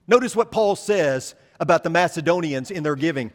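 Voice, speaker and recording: A man's voice: on the high side, lively intonation, fairly quick, in a large hall. A man preaching a sermon as a pastor, talking conversationally and asking the congregation rhetorical questions.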